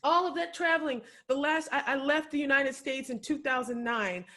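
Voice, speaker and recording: A woman's voice: high voice, normal speed, fairly bright tone. A woman giving an impassioned, preacher-like keynote speech, repeating phrases for emphasis, tearful at times. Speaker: keynote speaker. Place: home, remote video address.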